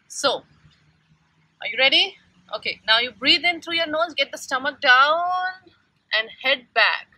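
A woman yoga instructor leading a mother-and-child yoga class, giving slow, gentle step-by-step instructions. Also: fairly high pitch, husky, no echo, poor audio.

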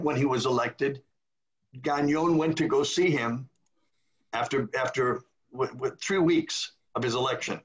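Over dull, lo-fi video call audio, an older man, a retired priest, tells a story and acts out the voices of the people he quotes. His voice sits a little high and sounds a bit bright.

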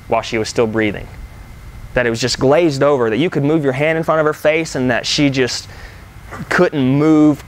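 A man's voice: mid-range voice, a little hiss or hum. Earnest man preaching a sermon. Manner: earnest storytelling with slow emphatic pauses. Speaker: pastor. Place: church sanctuary.

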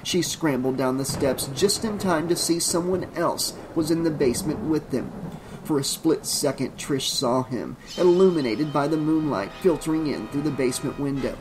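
A man's voice: fairly high pitch, moderate pace, background noise. Male audiobook narrator, dramatic horror reading.

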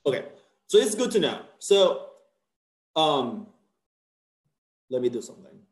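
A man's voice: on the high side, very animated, unhurried. A tired man teaching a chemistry class in a casual, joking way, often checking in with his students. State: tired, end-of-semester burnout. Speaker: chemistry instructor. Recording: echoey classroom.

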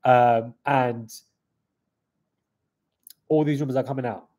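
A young man hosting a live reaction stream, excitable and hyped, calling out "guys" often, with a slightly stuffy nose. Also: mid-range voice, slow pace. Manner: excitable hype talk, keeps saying "guys".

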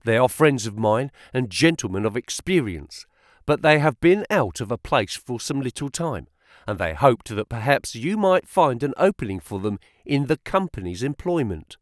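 A man voicing an excitable young male stockbroker's clerk who talks in eager exclamations. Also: mid-range voice, moderate pace, no echo, studio quality, close to an everyday voice. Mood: excited.

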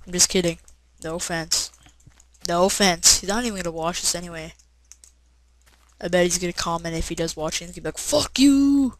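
Woman gamer, casual let's-play commentary, rambling, jumps to loud shouts, slightly low voice. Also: fairly quick, pauses often, low-quality recording. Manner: rambling and excitable, with many "uh" fillers and bursts of shouting. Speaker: gameplay commentator.

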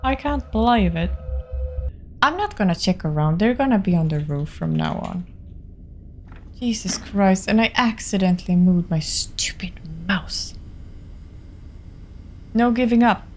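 Finnish-accented young woman streamer, unhurried and gravelly, jumpy, whispers at times. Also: medium pitch, expressive, faint music behind. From Finland. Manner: chatty, jumpy, drops to whispers. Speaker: game streamer. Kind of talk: live-stream horror game commentary. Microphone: desktop studio mic.

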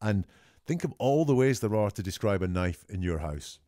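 Man, very low voice, mellow tone, dry close sound, measured analytical commentary. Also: lively intonation, no echo. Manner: measured, deliberate, often slows for emphasis. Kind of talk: analytical commentary on a recorded call.

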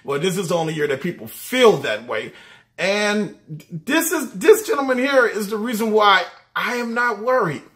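A man's voice: high-pitched, lively intonation, moderate pace, fairly bright tone. A man talking college football casually, enthusiastic, laughing often and repeating his words. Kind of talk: casual sports talk.

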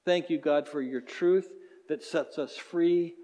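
A man's voice: on the high side, slow pace, warm tone. A man preaching as a pastor in a conversational way, then leading a closing prayer. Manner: conversational, acts out everyday voices. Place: church hall. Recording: reverberant church hall.

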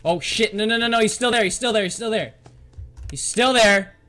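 A man's voice: high voice, moderate pace, pushed and bright, soft background music. A man doing let's-play commentary, frantic and swearing as he barks orders at the game. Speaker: gamer.

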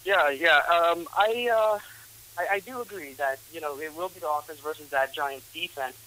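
A man's voice: fairly high pitch, moderate pace, pushed and bright, rough recording. A man giving sports analysis, hesitant, with many ums and restarts.

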